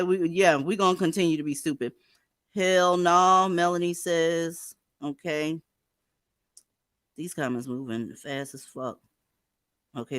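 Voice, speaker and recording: A woman's voice: deep voice, no room sound, studio quality. Profane, blunt woman hosting a livestream. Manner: blunt, profane, reads chat comments aloud, bursts into loud scolding. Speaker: livestream host. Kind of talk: profane casual livestream commentary.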